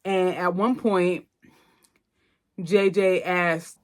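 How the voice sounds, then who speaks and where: A woman hosting a podcast, recapping a film in a chatty, slangy, expressive way. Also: lowish voice, extremely slow. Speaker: podcast host. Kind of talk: casual movie recap.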